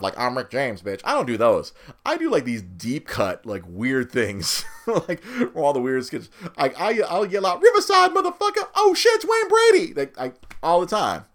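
A man's voice: medium pitch, fairly bright tone. A man in his thirties, a new father, talking casually and rambling, repeating words as he goes and often laughing at himself. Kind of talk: casual chat.

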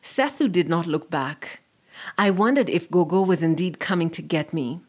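A woman narrating a story in a measured, expressive way. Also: lowish voice.

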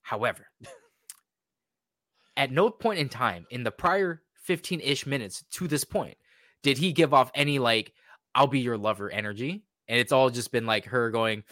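A young man chatting casually on a podcast, sarcastic and animated, often acting out characters in mocking voices. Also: mid-range voice, moderate pace, no echo, studio quality. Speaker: podcast co-host.

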